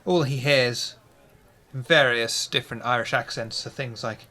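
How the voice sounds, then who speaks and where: A man narrating a tabletop horror game as game master in a measured way. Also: medium pitch, fairly even intonation, pushed and bright.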